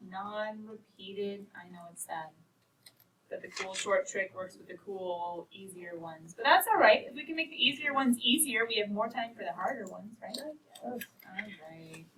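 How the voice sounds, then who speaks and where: A woman teaching a precalculus class, encouraging and playful, talking about equations as if they were people. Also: mid-range voice. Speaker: math teacher. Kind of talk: classroom lecture. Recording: distant mic with faint noise.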